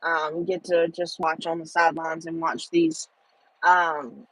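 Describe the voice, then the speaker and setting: A woman's voice: low-pitched, little pitch movement, a little slow, a bit bright, no room sound, rough recording. A middle-aged woman, chatting with viewers on a casual livestream and rambling with lots of fillers. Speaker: livestream host.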